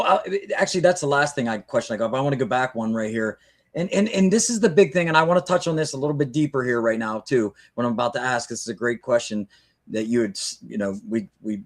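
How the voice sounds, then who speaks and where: A middle-aged man hosting a live video call interview, talking eagerly and rambling with many restarts. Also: medium pitch. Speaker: livestream host. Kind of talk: casual interview chat.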